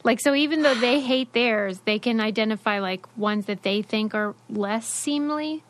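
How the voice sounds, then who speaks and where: A woman's voice: fairly high pitch, moderate pace, slight background noise. A woman co-hosting a podcast, chatting casually and explaining what she read, with side remarks. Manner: chatty, explains a study with asides. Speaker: podcast co-host. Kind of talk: casual chat.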